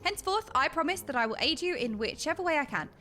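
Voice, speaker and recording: A woman's voice: high-pitched, lively intonation, quick pace, sharp tone, a little hiss or hum. A woman voicing an earnest, humble young male mage, reading game dialogue in a formal, flustered way.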